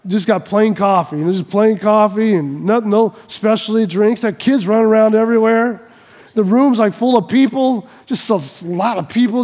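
A man's voice: sits high, a little mellow, long reverb tail, pitched below the performer's own voice, lightly acted. A man voicing a complaining male church visitor who gripes and rambles in a whiny way.

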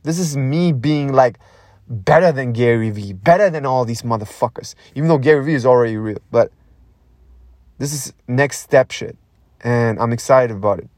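A young man hosting a podcast, talking in a raw, intense monologue that swears a lot, repeats itself and pauses to breathe. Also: medium pitch, a little mellow, no echo, studio quality. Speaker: podcast host.

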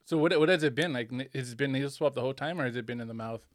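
A man's voice: mid-range voice, very fast, no room sound. Give me a joking male podcast co-host with a dry, dead sound. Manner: joking, teasing, laughs often. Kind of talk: casual chat.

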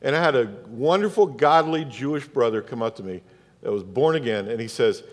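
A pastor with a Southern US accent preaching a sermon, asking rhetorical questions and repeating phrases for emphasis. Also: male voice, mid-range voice, animated, brisk. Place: church sanctuary. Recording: long reverb of a church hall.

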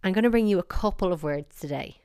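An Irish woman hosting a podcast, talking casually in a playful, animated, mock-baffled way. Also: fairly low pitch, quick pace, clean tone, no echo, clean studio sound. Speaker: podcast host. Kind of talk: casual solo podcast talk.

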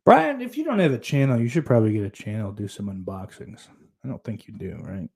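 A man's voice: fairly low pitch, sing-song, a little fast, vocal fry, a little mellow, husky. Profane, rambling male streamer. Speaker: streamer reading chat. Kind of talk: casual live-stream chat.

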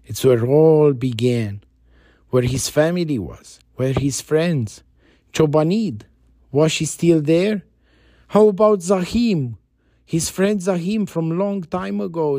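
A man narrating a story in a casual, animated, chatty way. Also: fairly high pitch, no room sound, studio quality.

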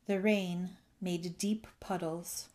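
A woman reading a children's storybook aloud in a gentle storytelling manner. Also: fairly low pitch, steady tone, slow. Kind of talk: scripted narration.

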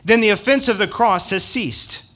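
A man preaching a sermon to his church, emphatic and swinging between loud passages and hushed asides, quoting scripture and joking with the congregation. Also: high-pitched, moderate pace. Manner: quotes scripture with rising passion, jokes with the congregation. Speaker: pastor.

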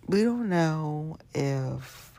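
A show host chatting casually and at length about the news, rambling and often dropping into hushed asides. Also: medium pitch, expressive, very slow. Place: Hamilton County area.

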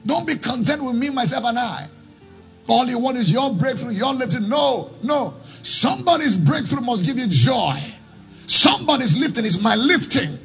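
High, lively preaching man with gravel. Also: normal speed, faint music behind. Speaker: pastor. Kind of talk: sermon.

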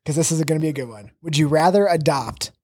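A man's voice: on the high side, fast talker, warm tone. A young man hosting a podcast, reading out questions in casual, jokey banter and laughing often. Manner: jokey, laughs often, puts on silly voices. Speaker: podcast host. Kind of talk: casual banter among friends.

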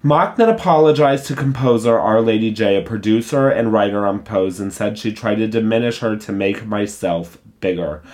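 A man with a fairly low voice works through a gossip article out loud. He pauses to add candid, opinionated asides in an easy, conversational tone. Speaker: pop culture commentator. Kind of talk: reading a gossip article aloud, then casual commentary.

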